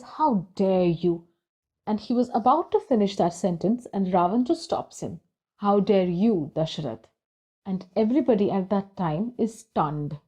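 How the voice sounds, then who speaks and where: A woman's voice: mid-range voice, darkish tone. A woman retelling a story from a book in a casual, conversational way, with occasional fillers.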